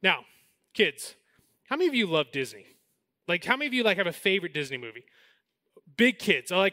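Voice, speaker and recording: Pastor, man in his 40s, lively storyteller, high bright voice, dry sound. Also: dry recording. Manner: animated storytelling, then slows and softens for the message. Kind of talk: sermon.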